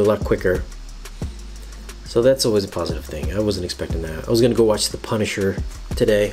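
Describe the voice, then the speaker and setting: A man's voice: fairly low pitch, a little mellow. A man reviewing movies on a live stream, talking casually and giving blunt opinions with frequent restarts. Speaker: film and home theater reviewer.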